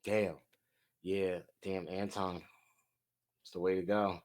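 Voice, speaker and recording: A man's voice: low-pitched, takes it slowly. Easygoing young man co-hosting a podcast. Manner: relaxed, agreeable, chimes in with short reactions. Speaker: podcast co-host. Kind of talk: casual chat.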